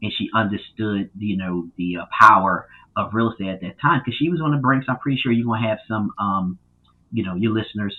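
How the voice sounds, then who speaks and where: Husky man telling stories over a tinny line. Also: fairly low pitch, a little fast. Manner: animated, lots of fillers, acts out quotes loudly. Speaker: podcast guest. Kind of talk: casual interview storytelling.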